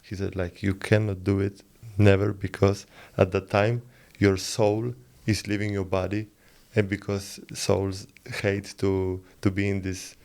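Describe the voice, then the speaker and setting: A man's voice: low-pitched, measured pace, vocal fry. A man, a volleyball player and podcast co-host, telling a story casually and calling his friends "man". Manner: animated storyteller, says "man".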